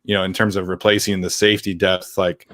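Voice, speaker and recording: A man co-hosting a live sports chat show, talking in a relaxed, rambling way with lots of fillers and restarts. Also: low-pitched, a little fast, dry recording, clean studio sound. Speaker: podcast co-host.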